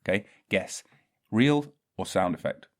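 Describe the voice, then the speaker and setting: Slow, rambling man. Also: fairly low pitch, lively intonation, background noise. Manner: scattered, self-mocking, swears a lot, drifts into silly voices. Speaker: podcast host. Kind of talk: rambling solo podcast monologue.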